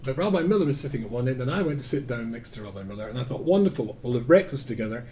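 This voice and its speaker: A man with a Scottish accent, a rabbi giving a Torah lecture to a live audience, telling stories with self-deprecating humor and swinging between loud emphasis and quiet asides. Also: mid-range voice, expressive, very fast, slight background noise. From Scotland.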